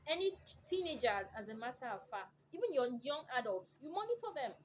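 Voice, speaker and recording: A woman's voice: sits high, very animated, a little fast, slight background noise, low-quality recording. A middle-aged woman from Africa, a mother, lecturing parents in an impassioned monologue, emphatic and preachy, full of rhetorical questions. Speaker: vlogger addressing parents.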